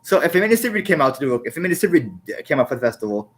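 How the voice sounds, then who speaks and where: A man hosting a podcast in casual chat, rambling and halting, often repeating words. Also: on the high side, sing-song. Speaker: podcast host.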